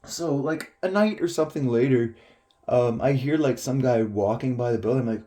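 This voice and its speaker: A man recounting a grievance in a casual, rambling monologue. He fills his talk with "like" and casual swearing. His voice sits at an ordinary middle pitch. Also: normal speed, warm tone. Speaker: storyteller.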